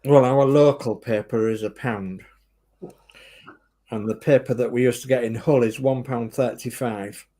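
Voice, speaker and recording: A man chats in an easygoing way and drifts into small everyday anecdotes. His voice sits at an ordinary middle pitch, and his delivery stays relaxed throughout. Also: measured pace. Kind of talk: casual chat.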